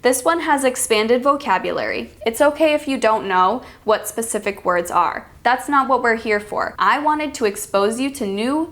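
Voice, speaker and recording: American woman accent coach, slightly high voice, clear deliberate delivery for learners. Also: a bit bright. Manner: calls herself extremely sarcastic. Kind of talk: teaching lesson with read-aloud examples.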